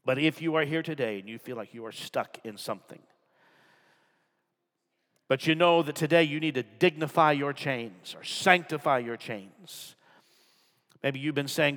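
A man preaching a sermon to a congregation, dropping to hushed whispers and rising to loud, emphatic passages. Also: medium pitch, moderate pace. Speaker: pastor. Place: large church with balcony. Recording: long hall reverb.

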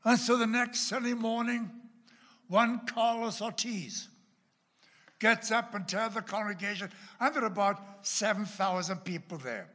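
Slow bright-voiced man preaching. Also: high voice, long reverb tail. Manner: slow, animated storytelling with sudden loud bursts. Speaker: pastor. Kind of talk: storytelling sermon at a church class.

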